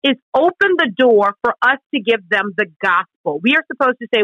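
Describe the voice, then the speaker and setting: A woman's voice: on the high side, expressive, fast, few pauses, dry recording, muffled recording. A woman co-hosting a Christian radio talk show, explaining Scripture in an earnest, emphatic way. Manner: earnest, emphatic, acts out quoted questions. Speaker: radio co-host.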